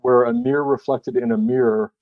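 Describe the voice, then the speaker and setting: Halting male interviewer, muffled sound. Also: mid-range voice, fairly even intonation. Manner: halting, thoughtful, many hesitations. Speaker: interviewer, fellow writer. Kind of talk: casual interview.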